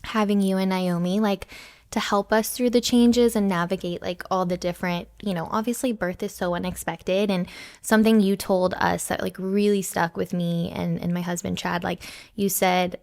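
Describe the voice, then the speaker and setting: A woman's voice: mid-range voice, fairly even intonation, normal speed, gravelly, darkish tone. A woman guest on a podcast, a young mother talking in a chatty way full of "like" and "um", grateful and open. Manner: chatty, lots of likes and ums, grateful. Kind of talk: casual chat.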